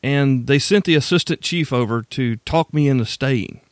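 A man hosting a podcast, telling a story in relaxed, reflective talk. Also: mid-range voice, normal speed, no room sound, studio quality. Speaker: podcast host. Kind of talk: casual conversation.

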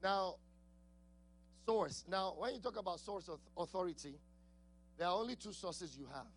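A man's voice: high-pitched, normal speed, slight background noise. A man with an accent preaching a sermon, laughing often, asking the congregation questions and repeating key words. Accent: non-native English accent.

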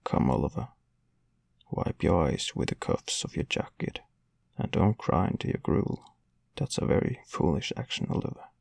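A man's voice: sits low, sing-song, normal speed, vocal fry, darkish tone, no echo, full character voice. A man voicing a pompous, self-important male parish beadle lecturing a child in a storybook reading. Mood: gruff coaxing.

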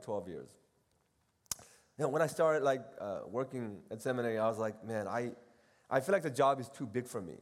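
A middle-aged seminary professor with a mid-range voice delivers a lively, casual retreat talk. He acts out the voices he quotes, moving between loudness and softness, and the audio has a long hall reverb.

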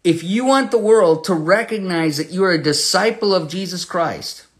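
A fairly high-voiced man gives a passionate verse-by-verse Bible teaching. He moves from loud, emphatic declarations to quiet, intimate storytelling, and his tone stays conversational throughout. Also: moderate pace. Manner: impassioned, swings between loud emphasis and hushed storytelling.

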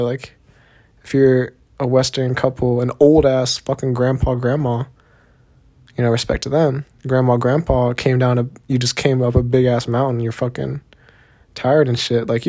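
A man's voice: mid-range voice, fairly even intonation, normal speed, warm tone. Laid-back young Texan man, Southern accent. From Texas. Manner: laid-back, heavy swearing, many fillers. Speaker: vlogger. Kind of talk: casual storytelling vlog.

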